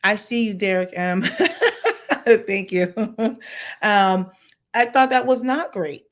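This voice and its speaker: A woman giving blunt, opinionated reaction commentary on a livestream, talking straight to her viewers with emphatic, lively delivery. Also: medium pitch, measured pace. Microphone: home livestream setup.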